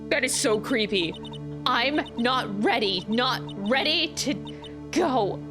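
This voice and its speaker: An excitable young woman reacting to a game she is playing. Her voice jumps around and sits a little high, with frequent swearing. Game music plays behind her. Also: slow. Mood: scared.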